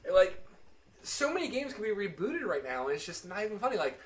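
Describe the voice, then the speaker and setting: A man's voice: high-pitched, very animated, brisk, slight background noise. A tipsy man co-hosting a podcast, joking bluntly and swearing a lot in casual chat. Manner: blunt, joking and heavy on profanity. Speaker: podcast co-host. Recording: echoey room, mic at a distance.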